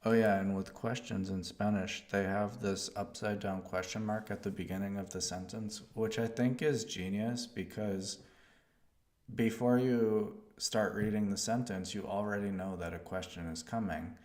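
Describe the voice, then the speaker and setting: A man streaming himself learning Spanish, slowly thinking aloud as he works out verb forms. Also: fairly low pitch, fairly even intonation, darkish tone, roomy sound. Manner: slow, musing, talks to himself while working out conjugations. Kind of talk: live-streamed self-study, thinking aloud.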